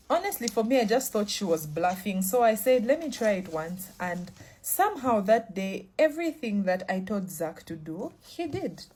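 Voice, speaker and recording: Husky-voiced woman telling a storytime. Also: medium pitch, dark tone. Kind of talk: casual storytime monologue.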